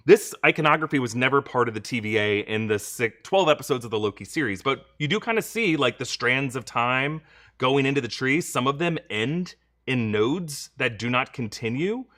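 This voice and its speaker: Young male host, casual livestream Q&A, chatty and bright. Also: mid-range voice, lively intonation, normal speed. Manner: chatty, reads viewer questions, thanks donors. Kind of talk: live-stream reaction Q&A.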